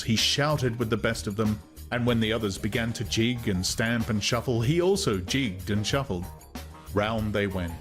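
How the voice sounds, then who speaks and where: A man reading a novel aloud in measured, expressive scripted narration. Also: fairly low pitch. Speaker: audiobook narrator.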